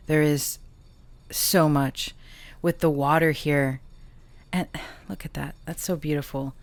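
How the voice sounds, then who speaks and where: Slow, low-voiced woman reading tarot. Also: fairly even intonation, no echo. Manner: slow, soft, emotional and halting. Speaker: tarot reader and channeler.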